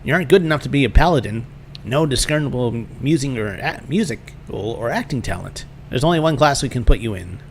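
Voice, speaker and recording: Give me a man casually narrating a let's-play, reading the game's text and his own choices aloud. His delivery is wry and self-mocking. His voice is at an ordinary middle pitch, with a faint hum of noise in the background. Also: lively intonation, fairly quick. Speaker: game narrator and player.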